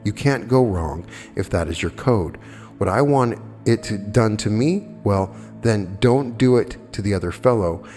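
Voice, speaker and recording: Guy lecturing from an old archive tape, lowish voice, long hall echo, faint music under it. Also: animated, a little slow, warm tone. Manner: plainspoken, argumentative, rhetorical questions. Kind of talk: spoken lecture with audience questions.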